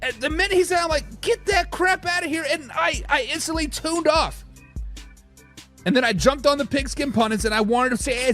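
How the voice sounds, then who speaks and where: A man hosting a live sports talk show, reading fan comments and ranting in a casual, animated way. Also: very high voice.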